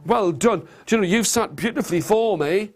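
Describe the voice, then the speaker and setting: A man telling an interactive story to nursery children in a classroom, animated and coaxing, getting them to copy his gestures. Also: sits high, normal speed. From England. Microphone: video camera. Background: guitar.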